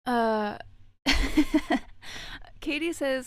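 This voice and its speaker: A woman streamer reads out chat messages and riffs on them, sarcastic, swearing freely and laughing often. Her voice is a bit high and sounds close and dry, with no room around it. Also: expressive, no room sound. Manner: sarcastic, profane, quick to laugh. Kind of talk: casual chat with viewers.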